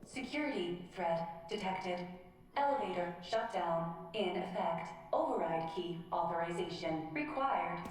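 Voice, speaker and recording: A woman voicing a female facility computer that gives flat, automated announcements in a video game. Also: fairly low pitch, a little slow. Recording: echoey game audio with music.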